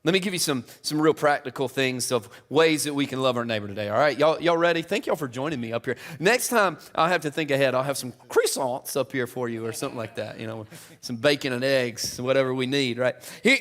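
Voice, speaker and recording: A middle-aged man preaching a sermon in a church, chatty and casual, building to loud, emphatic peaks. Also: mid-range voice. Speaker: pastor. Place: church auditorium.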